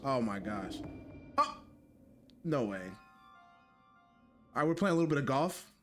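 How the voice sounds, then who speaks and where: A man streaming a game live, talking to his chat in a jokey, excitable way and repeating himself when flustered. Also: mid-range voice, unhurried, faint music behind. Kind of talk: live gameplay commentary.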